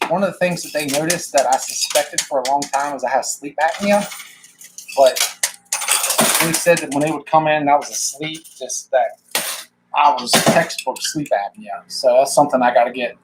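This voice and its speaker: A slightly higher-voiced man talks casually on a live stream, a little winded as he chats. He greets viewers by name and laughs easily. Coins and machinery clatter clearly behind him. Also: normal speed, heavy background noise. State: out of breath.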